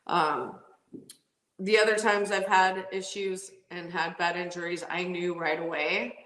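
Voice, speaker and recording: A woman's voice: lowish voice, a little slow, echoey room, rough recording. A woman drag racing driver telling stories in a casual interview, laughing often and acting out what people said. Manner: animated, laughs often, acts out quotes.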